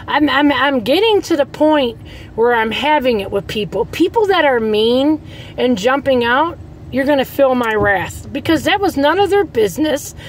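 A woman's voice: high voice, animated, moderate pace, a little hiss or hum, rough recording. Blunt, fired-up woman ranting in a car. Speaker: vlogger. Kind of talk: casual ranting vlog.

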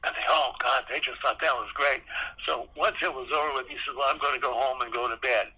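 A man's voice: mid-range voice, fairly even intonation, fast, pushed and bright, slightly rough, low-quality recording. A man in his eighties, a guest on a podcast interview, candidly telling salty stories and acting out old conversations. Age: 80s. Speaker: podcast guest, retired theme park designer. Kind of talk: anecdotal storytelling in an interview.

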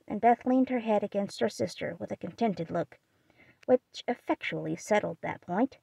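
A woman narrating a classic novel as an audiobook, with a steady, expressive reading. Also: lowish voice, moderate pace, gravelly, husky, dry recording. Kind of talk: scripted narration.

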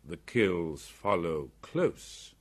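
A man voicing Bagheera, a calm and worldly male panther, who speaks slowly and gravely. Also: deep voice, heavily acted. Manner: slow, measured and grave.

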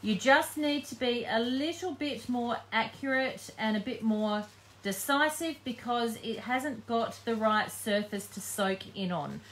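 A woman with a voice on the high side gives a live painting tutorial at a measured pace. As a craft demonstrator she chats casually, thinking aloud while she works and saying um frequently.

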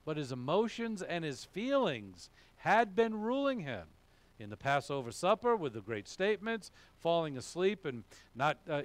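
A male pastor preaching a sermon, repeating key phrases and chuckling as he goes. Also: mid-range voice.

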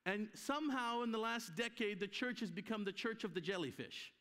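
Guy preaching live, high voice, keeps doing the voices of people in the story, big echoey church hall. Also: fairly quick, sharp tone. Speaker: guest preacher. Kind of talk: conference sermon. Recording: live hall with long reverb.

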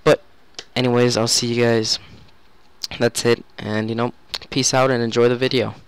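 A man's voice: medium pitch, little pitch movement, normal speed. A young man giving casual, rambling gameplay commentary as a gaming YouTuber, self-mocking and full of fillers. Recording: game audio noise behind voice. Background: gunfire from the game.

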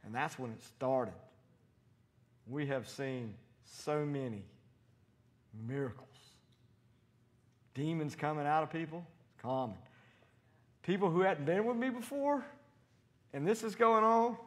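A man preaching a sermon in a church, animated and storytelling, acting out voices as he quotes people. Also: on the high side, measured pace, pauses often. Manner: animated, acts out quotes with loud shouted voices.

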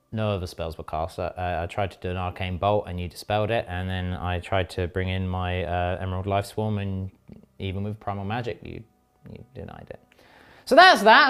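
A man's voice: low-pitched, expressive, brisk, vocal fry, a bit bright, smooth. A man playing a tabletop wargame and talking through his turn in casual, playful commentary, with sudden sing-song exclamations. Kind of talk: casual battle report commentary.

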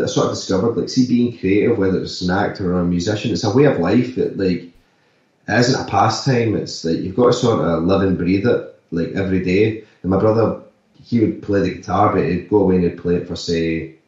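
An actor and musician talking loosely in an interview, full of "like" and "sort of" fillers. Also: male voice, deep voice, a little mellow. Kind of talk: casual interview talk. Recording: echoey, distant, slightly dull remote audio.

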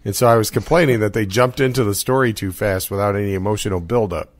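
A man's voice: on the low side, fast, no room sound. A middle-aged American man hosting a podcast, chatting casually, laughing often and rambling. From United States. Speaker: podcast host.

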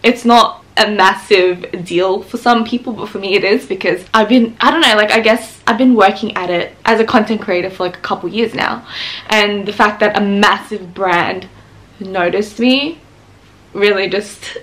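Excitable young woman vlogging at home. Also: medium pitch, moderate pace. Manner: chatty, excitable, laughs often. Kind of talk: casual vlog chat. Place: at home, indoors. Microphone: handheld camera.

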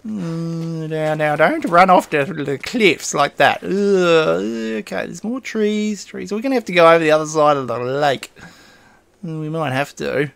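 A man's voice: fairly high pitch, a little slow, vocal fry. A man giving casual, rambling let's-play commentary as a gaming host. He talks to himself as he plays and chuckles often.

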